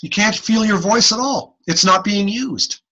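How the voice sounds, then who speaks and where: Guy teaching over zoom, slow talker, kinda husky, bright voice, acts out vowel sounds. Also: high-pitched, dull audio. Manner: demonstrates sounds aloud, animated, repeats himself. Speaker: instructor. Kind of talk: online class lecture. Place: home or office on a video call. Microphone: video call.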